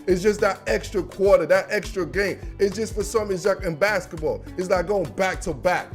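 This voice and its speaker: Slangy high-voiced man making sports picks. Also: moderate pace, soft background music. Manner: slangy, animated, riffs with bro and man. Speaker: sports predictions host. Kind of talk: casual monologue.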